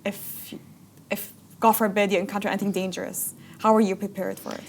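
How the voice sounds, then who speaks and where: A woman's voice: mid-range voice, flat delivery, brisk, darkish tone, slight background noise. A woman interviewing a guest, asking questions in a casual, encouraging way.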